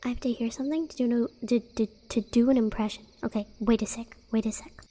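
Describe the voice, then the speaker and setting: Giggly high-voiced woman streamer. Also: steady tone, fast talker. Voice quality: soft voice. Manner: giggly, rambling, lots of fillers and restarts. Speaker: live streamer. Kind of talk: casual live-stream chat.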